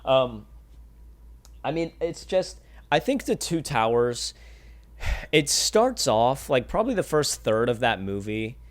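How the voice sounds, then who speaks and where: A man in casual conversation about films, excitable and loose, throwing in swear words. His voice sits at an ordinary middle pitch. He rambles and restarts as he talks. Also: slow pace, pauses often. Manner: excitable, swears, says dude a lot. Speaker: podcast co-host. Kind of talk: casual chat.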